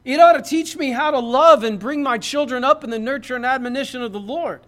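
A man's voice: very high-pitched, fairly quick, fairly bright tone. A man, a pastor, preaching a sermon in a conversational, joking way that builds to emphatic points.

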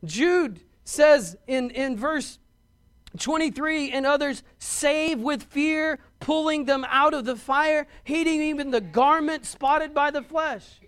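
A middle-aged pastor preaches in an emphatic, driving style. He repeats words as he builds his points and rises to loud stresses. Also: very high voice, slow pace. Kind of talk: sermon.

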